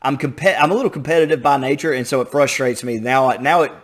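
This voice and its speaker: A man hosting a reaction video, excitable and self-deprecating while trying to sing bass. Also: fast. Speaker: video host reacting to a lesson. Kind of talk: casual reaction commentary.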